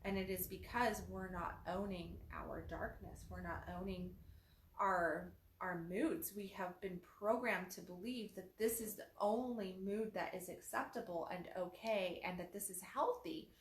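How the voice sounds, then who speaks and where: Animated woman in an echoey room. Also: mid-range voice, unhurried. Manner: animated, acts out quoted phrases in changed voices. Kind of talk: casual conversational talk on self-development.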